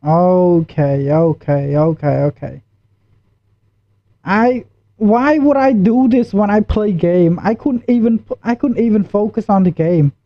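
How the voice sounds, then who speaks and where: A man's voice: sits high, slow, no echo. A man streaming his reaction to a video, jittery, repeating himself and swearing. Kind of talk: live reaction commentary. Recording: dull lo-fi dry sound.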